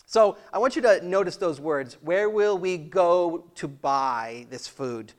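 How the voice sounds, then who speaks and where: A pastor giving a sermon in church, chatty and conversational, laughing often and asking the congregation questions. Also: male voice, high-pitched, lively intonation, slow.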